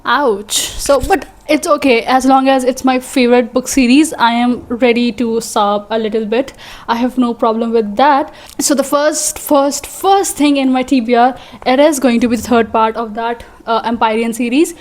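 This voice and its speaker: A young woman with an Indian English accent, chatting excitedly and rambling as a book vlogger. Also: a little high, moderate pace. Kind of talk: casual vlog chat.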